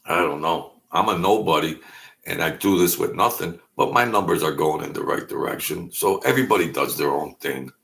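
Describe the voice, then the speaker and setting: A YouTube host rambles through a casual vlog monologue, cracking jokes and poking fun at himself. His low, gravelly voice has a slightly bright edge, and he talks fairly quickly.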